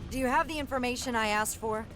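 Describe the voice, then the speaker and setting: A woman's voice: fairly high pitch, fast, close to an everyday voice. A woman voicing a sarcastic, demanding commander. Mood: stern. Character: sharp, demanding female commander. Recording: game audio with music behind. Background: music.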